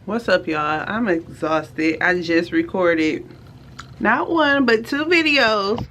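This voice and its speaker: Holding her phone, this woman chats with her "y'all" audience while doing errands, tidying up, and sitting in her car, with scenes at home, in shops, and in the car. She speaks slowly and animatedly at a medium pitch against a noisy background. When it gets late at night, she drops to gentle whispers.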